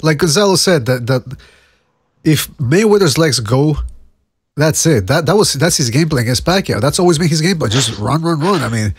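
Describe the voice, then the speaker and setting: A man's voice: fairly high pitch, expressive, moderate pace, breathy edge, dry recording, studio quality. A man hosting a podcast in casual chat, blunt, profane and joking. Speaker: podcast host.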